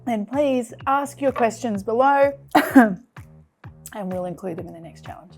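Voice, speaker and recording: A woman's voice: a little high, animated, unhurried, music in the background. A woman hosting a cooking show, mouth burning and eyes teary from chili, exclaiming and laughing between gasps in casual chat. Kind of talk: casual food challenge chat. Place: kitchen studio.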